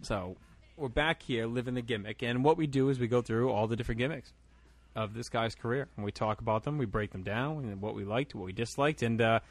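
A man's voice: medium pitch, fairly quick, soft background music. A man hosting a casual podcast, running the segment and teasing his co-host. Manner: lively, teasing, runs the segment.

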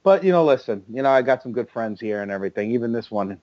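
A man with a Brooklyn accent co-hosts a sports talk show, chatting loosely and teasing his partner. His voice sits at a middle pitch. The sound is dry and dull, like a lo-fi podcast. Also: expressive, fast, darkish tone, no echo. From Brooklyn, raised in South Florida. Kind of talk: casual sports talk chat.

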